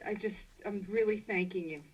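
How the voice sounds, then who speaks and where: A woman calling in to a radio show, speaking emotionally and gratefully with many hesitant pauses. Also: medium pitch. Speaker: caller. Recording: dull, distant phone line.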